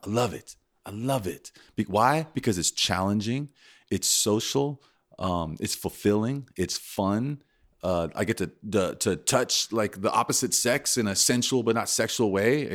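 A young man in casual podcast chat, telling stories and acting out his own reactions. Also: lowish voice. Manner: animated storyteller, acts out his own reactions. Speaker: podcast co-host.

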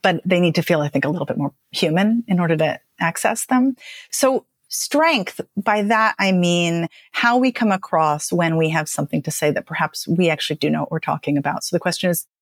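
A woman speaking as a speech and dialect coach, explaining with emphatic, lively phrasing and frequent "right?" checks. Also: lowish voice, fairly quick, no echo, clean studio sound. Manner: animated, emphatic, lots of "right?". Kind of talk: podcast interview guest.

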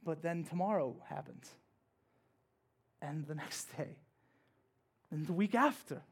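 A male pastor preaching in church, telling a personal story in a conversational way that swings from hushed to loud and emphatic. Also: a little high, slow pace, husky. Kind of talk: sermon told as a personal story.

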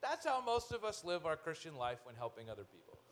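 A male pastor preaching a sermon in an animated way, with joking asides, swinging from loud to hushed. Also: on the high side, fairly quick, slight background noise.

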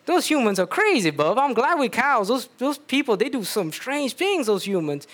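A man's voice: very high-pitched, very animated, normal speed, fairly bright tone, pitched above the performer's own voice, heavily acted. A man doing a folksy gossiping cow. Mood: gossipy.

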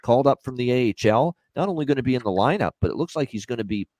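This sports betting show host has a mid-range, slightly mellow voice with lively intonation, recorded dry. He talks fast and chattily about bets, using many fillers in a casual analysis chat.

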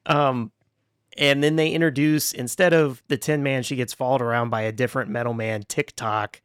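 A man's voice: mid-range voice, steady tone, normal speed, a bit bright, clean tone, no room sound, clean studio sound. A man co-hosting a casual podcast, rambling through a film review, laughing often and swearing freely. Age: adult with children. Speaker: podcast co-host.

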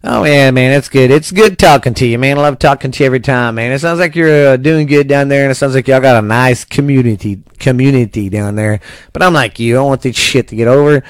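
A laid-back man from Texas rambles through friendly podcast talk, swearing casually. His pitch is average for a man. The recording is dry and close, with no echo. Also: clear, resonant tone. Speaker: podcast host.

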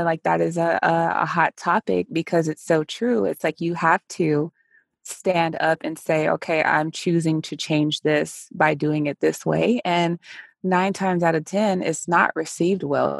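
Low, gravelly woman hosting a chat. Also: normal speed, no room sound, studio quality. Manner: animated, acts out quoted dialogue. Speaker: podcast host. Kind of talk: casual conversational interview. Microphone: remote call recording.

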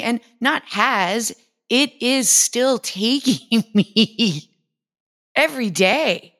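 A woman's voice: medium pitch, a bit bright. A woman in her fifties, a fitness trainer and host, talking candidly and with lots of animation, swearing freely and acting out her own inner voice. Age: 50s. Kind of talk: casual motivational monologue.

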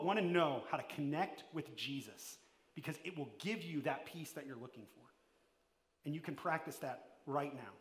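A man giving a sermon as pastor, preaching emphatically, swinging between loud and hushed and putting questions straight to his listeners. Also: a little high, echoey room. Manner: addresses the listeners directly with questions.

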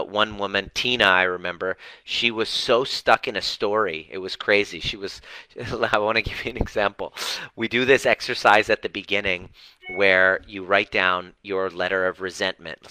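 A male healing coach giving a blunt, animated live talk to online viewers, swearing casually. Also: sits low, clean tone, no room sound, rough recording.

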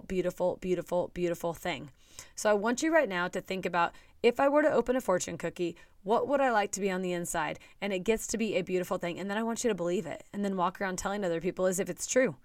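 A woman's voice: mid-range voice, no echo, studio quality. A woman coach giving a chatty, earnest motivational talk straight to her viewers.

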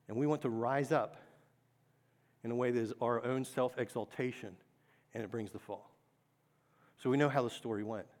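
A man's voice: mid-range voice, a little mellow. A man preaching a sermon, earnest, asking the congregation questions and repeating key phrases.

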